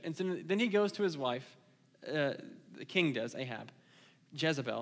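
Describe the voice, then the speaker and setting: Male pastor, slightly high voice, casual retelling of scripture; reverberant church hall. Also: fairly quick, a bit bright. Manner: conversational storytelling, paraphrasing scripture. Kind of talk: casual sermon. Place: church sanctuary.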